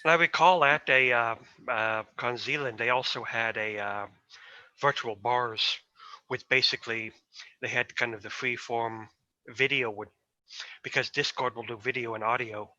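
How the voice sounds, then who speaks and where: A man moderates an online panel, asking halting, casual questions. His voice is very sharp and bright. The sound is dry and lo-fi. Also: medium pitch, steady tone, no echo. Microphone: video call. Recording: dry, dull lo-fi call audio.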